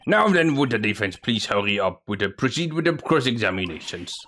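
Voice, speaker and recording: A man's voice: lowish voice, sing-song, brisk, fairly bright tone, a little hiss or hum. A man voicing a stern, fussy old male judge who scolds the court.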